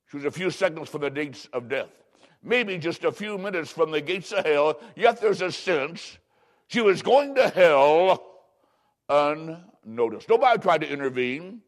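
A man from Illinois preaching a sermon, reading scripture solemnly and stretching out words for dramatic emphasis. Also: on the high side. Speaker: pastor.

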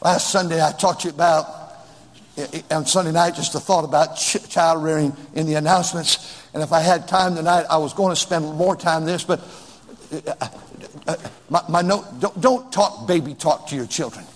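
High husky preacher in a reverberant church. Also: male voice. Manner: preaching with sudden rises and drawn-out slow phrases. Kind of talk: sermon.

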